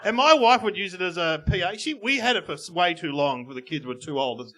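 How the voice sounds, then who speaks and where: A man co-hosting a live comedy podcast, animated and laughing often between jokey asides. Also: sits high, a little fast. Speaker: podcast co-host. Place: live venue with audience.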